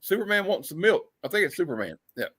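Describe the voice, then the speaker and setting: A man hosting a casual streamed show, reading old comic panels aloud with quick put-on voices and frequent laughter. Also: high voice, sing-song, a bit bright, breathy edge, no echo. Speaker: host. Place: streamed show, live online.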